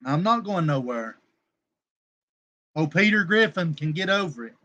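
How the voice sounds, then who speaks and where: High-voiced man ranting on a livestream. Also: expressive, measured pace, highs cut off. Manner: rambling, combative, coarse, shouting out viewers by name. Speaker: livestream host. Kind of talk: casual livestream talk to chat viewers.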